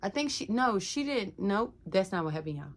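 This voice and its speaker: A woman's voice: mid-range voice, very animated, normal speed. A young woman candidly telling her own life story to her viewers, talking casually with lots of filler words and calling out to them directly. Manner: casual, addresses viewers as "y'all", many "like" fillers.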